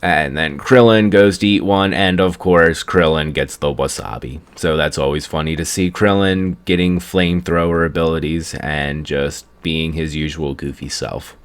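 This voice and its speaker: A man's voice: a bass voice, moderate pace, few pauses, clean tone. A young man casually recapping an anime episode in a rambling way, chuckling at the story as he goes. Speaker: anime reviewer.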